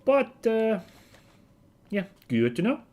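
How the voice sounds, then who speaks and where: A man's voice: high voice, very animated, slow, creaky, darkish tone. Chatty man thinking aloud over gameplay. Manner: chatty, thinks aloud, lots of fillers and self-corrections. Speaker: gaming video host. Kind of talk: casual let's-play commentary.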